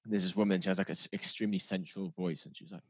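English guest on a video call from his bedroom, mid-pitched, dry teasing humor. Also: steady tone, rapid-fire, husky, no room sound. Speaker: podcast guest. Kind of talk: casual chat.

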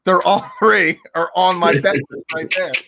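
A man's voice: high-pitched, measured pace, creaky, bright, forceful tone, a little hiss or hum, poor audio. A man hosting a podcast in casual chat, enthusiastic and stumbling over his words. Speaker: podcast host.

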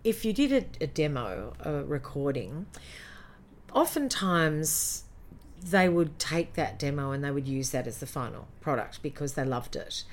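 A middle-aged Australian woman, a former jingle singer, telling lively anecdotes in a casual interview and acting out the quotes. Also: low voice, a little slow, slight background noise.

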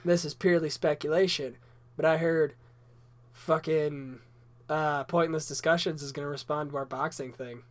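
A man trading crude jokes as a podcast co-host. He gets excitable and laughs easily. He keeps a loose, casual chat going. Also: a little high, moderate pace. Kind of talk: casual banter.

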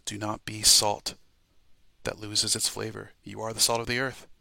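A man's voice: on the low side, flat delivery, normal speed, gravelly, pushed and bright, dry recording. A man preaching an urgent warning sermon, repeating himself and exhorting listeners to repent. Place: home, podcast voice message.

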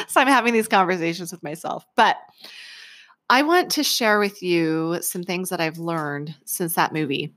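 A woman's voice: on the low side, normal speed, a bit bright. A woman in her forties telling a story to camera in a chatty way, laughing often and acting out the voices in it. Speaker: vlogger.

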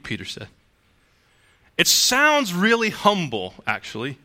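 A pastor delivers a sermon to his congregation in a bright, forceful voice that's a little high, with lively intonation at a moderate pace. His style is conversational, full of rhetorical questions and restarted phrases.

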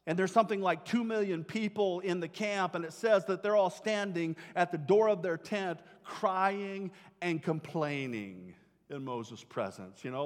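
Male pastor, high voice, animated sermon delivery that acts out quotes; church recording with long reverb.

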